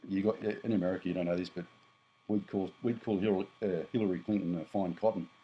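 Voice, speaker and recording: A man's voice: low voice, steady tone, fast, lo-fi sound, a little hiss or hum. An Australian man in his fifties, talking bluntly and rambling as he vlogs to his viewers, often correcting himself. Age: 50s. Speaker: prepper vlogger. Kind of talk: casual monologue to camera.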